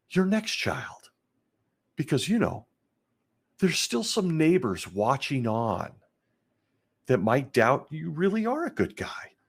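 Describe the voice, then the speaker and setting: Slow gravelly man telling a grim story. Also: mid-range voice. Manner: slow, intense storytelling with heavy pauses. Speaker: podcast host. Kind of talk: emotional podcast monologue.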